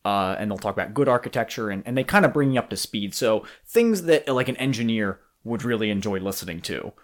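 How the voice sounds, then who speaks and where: An easygoing man hosts a relaxed podcast conversation. His pitch moves around a lot, and he laughs often and fills pauses with ums and uhs. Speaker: podcast host. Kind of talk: casual chat.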